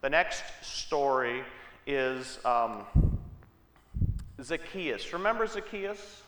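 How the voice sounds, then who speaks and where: A man's voice: medium pitch, lively intonation, slow pace, long pauses, a bit bright. A man preaching a sermon, telling Bible stories in a conversational way with asides to the congregation. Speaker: pastor. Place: church sanctuary. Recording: echoey church hall.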